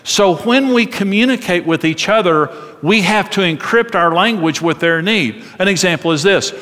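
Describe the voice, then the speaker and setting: Middle-aged male pastor, earnest sermon delivery, a touch high-pitched, in a reverberant hall. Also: expressive, normal speed. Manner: earnest preaching, drops soft and low for quoted tender words.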